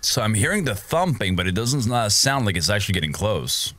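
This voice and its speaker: A man's voice: on the low side, sing-song, fairly quick, a bit bright. A young man commentating a horror game playthrough, talking to himself and yelping and gasping at scares. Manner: jumpy, yelps and gasps at scares, talks to himself. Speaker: gaming streamer.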